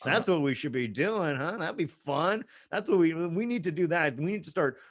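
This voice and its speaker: A man's voice: a little high, lively intonation, moderate pace. A young man doing a loose, sarcastic stand-up set over a video call, full of asides and banter. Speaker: stand-up comedian.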